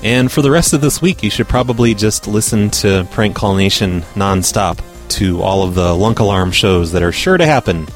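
A man's voice: on the low side, expressive, normal speed, hardly any pauses, soft background music. A man hosting a prank call radio show, brash and profane, talking casually and posing as an official on calls.

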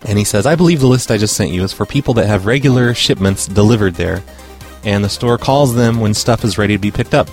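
Brash profane prank-call radio host. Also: male voice, fairly low pitch, quick pace, a little mellow, faint music behind. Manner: brash, profane, mock-official on calls. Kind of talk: casual radio talk and prank calling.

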